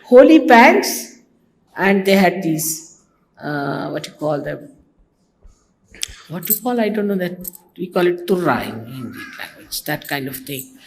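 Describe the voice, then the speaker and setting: A woman from India, giving a spiritual talk as a teacher, telling anecdotes in an animated, wandering way with asides and hesitations. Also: low voice, measured pace, gravelly, long pauses, slight background noise, poor audio.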